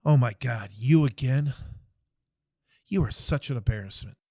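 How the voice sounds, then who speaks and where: A man voicing an impatient army captain who berates a soldier with rapid questions, in a dry recording. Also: medium pitch, dark tone, no echo. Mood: contemptuous.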